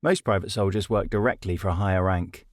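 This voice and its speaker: A man's voice: low-pitched, a little fast, dry recording, clean studio sound. A man with a British accent narrating his comedy audiobook in a wry, self-deprecating way. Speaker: narrator and author.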